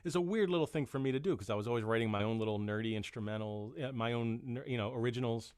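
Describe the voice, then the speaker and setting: A man's voice: mid-range voice, quick pace, a little mellow, clean tone, no room sound, studio quality. A man in his fifties chatting as a musician guest, rambling and self-deprecating, with many restarts. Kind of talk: casual chat.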